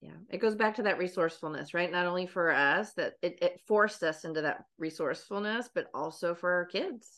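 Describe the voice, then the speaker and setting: A woman's voice: fairly low pitch, a little fast, hardly any pauses, a bit bright. A woman hosting a podcast interview, speaking in a thoughtful, affirming way and often checking in with "right?". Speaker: podcast host. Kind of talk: reflective interview conversation.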